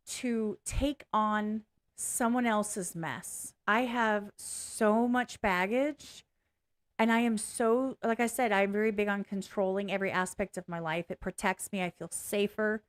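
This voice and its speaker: A woman's voice: mid-range voice, fairly even intonation, measured pace. A woman talking frankly and bluntly as the host of a reaction video, rambling, swearing and interrupting herself. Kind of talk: casual personal commentary.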